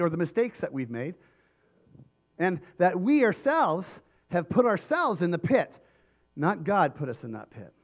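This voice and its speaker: Slightly hoarse man preaching a sermon. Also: high-pitched. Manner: emphatic preaching with repeated restarts. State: voice going hoarse. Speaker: pastor.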